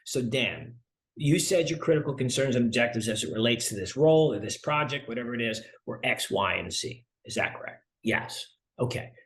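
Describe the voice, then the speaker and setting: Animated middle-aged man telling sales stories. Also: medium pitch, fairly quick. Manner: animated storyteller, acts out dialogue. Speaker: sales consultant guest. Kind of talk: conversational interview.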